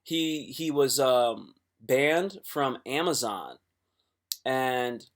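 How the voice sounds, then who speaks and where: A man's voice: mid-range voice, lively intonation, drawn-out words. A man talking casually to his livestream chat, rambling and swearing, with many restarts.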